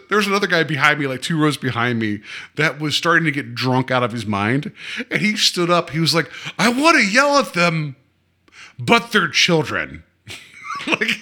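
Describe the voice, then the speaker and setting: Tipsy guy rambling on a podcast, bright sharp voice, keeps correcting himself. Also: medium pitch. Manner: rambling storyteller, lots of fillers and self-corrections. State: tipsy from drinking. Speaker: podcast co-host. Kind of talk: casual chat.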